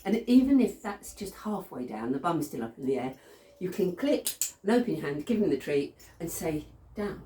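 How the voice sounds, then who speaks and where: A woman's voice: low-pitched, very animated, moderate pace, few pauses, warm tone. A woman dog trainer, casually demonstrating training steps, chatty, laughing often and saying "okay" a lot. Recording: roomy sound from a distant camera mic.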